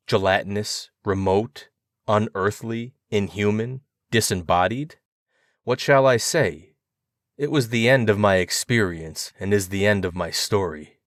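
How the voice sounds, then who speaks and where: A man reading a horror story aloud in a grave, measured narration. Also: on the low side, fairly bright tone, no echo, studio quality.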